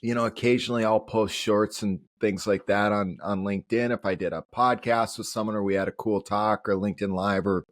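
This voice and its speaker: A man's voice: on the low side, fairly even intonation, a little fast, hardly any pauses, no room sound, studio quality. A man with a Minnesota accent, a veteran guest on a podcast, chatting casually and laughing often between rambling restarts. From upper Midwest of the United States. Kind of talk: casual conversation.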